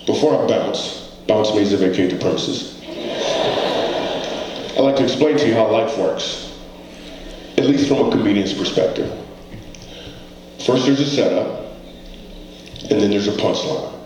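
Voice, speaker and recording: A man's voice: on the low side, measured pace, pauses often, a little mellow. A man, a comedian, giving an earnest motivational talk on stage, telling stories and asking the audience rhetorical questions. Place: stage before a live audience. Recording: very echoey hall, faint background noise.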